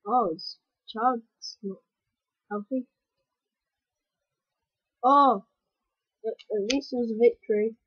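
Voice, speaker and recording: A woman with a husky, somewhat high voice talks slowly through a game she is playing, breaking into excited yelps. The sound is dry and dull, like a cheap home mic. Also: no echo. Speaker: gameplay commentator. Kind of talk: casual gameplay commentary.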